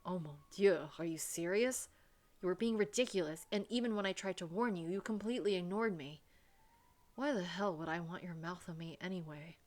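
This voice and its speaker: A woman voicing a curt, exasperated young Frenchman in a French accent, reading his lines low and muttered. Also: a little fast, a little mellow, close to an everyday voice.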